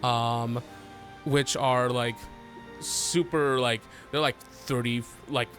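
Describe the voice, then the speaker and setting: A man narrating a tabletop game as its game master, his voice in a middle pitch. He talks haltingly, full of fillers and restarts. Faint music plays behind him. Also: fairly even intonation, fairly bright tone. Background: faint background music.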